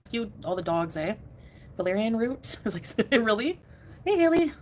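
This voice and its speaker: A woman's voice: medium pitch, lively intonation, normal speed, slight background noise. A woman chatting casually on a live stream, reading out viewer names and giggling often. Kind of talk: casual livestream chat.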